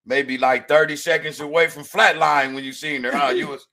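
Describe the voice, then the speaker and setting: A man hosting a podcast, encouraging his guest in a relaxed, slangy way. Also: on the high side, moderate pace. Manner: laid-back, encouraging, slangy. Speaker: podcast host. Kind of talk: casual interview chat. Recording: loud crowd noise behind. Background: loud crowd.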